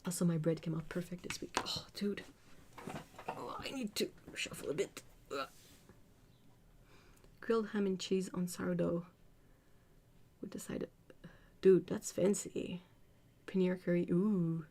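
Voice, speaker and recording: A woman's voice: fairly low pitch, measured pace, long pauses, a little mellow, a little hiss or hum. A woman from Britain hosting a casual art livestream, reading viewer comments aloud, chatting and laughing often. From United Kingdom.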